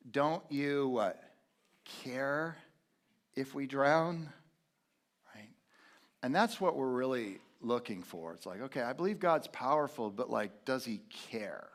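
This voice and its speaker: A middle-aged man preaching a sermon as pastor, telling stories with big swings from hushed to loud. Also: mid-range voice. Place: church sanctuary.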